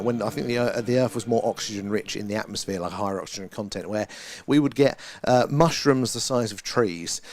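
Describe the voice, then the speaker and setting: A man's voice: medium pitch, gravelly. A middle-aged man hosting a live stream, chatting casually and reading viewer comments, rambling with fillers and frequent laughs.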